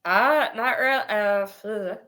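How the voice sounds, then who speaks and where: A woman teacher guesting on a casual podcast chat, animated and laughing often as she retells scenes. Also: mid-range voice, takes it slowly. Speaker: guest, schoolteacher.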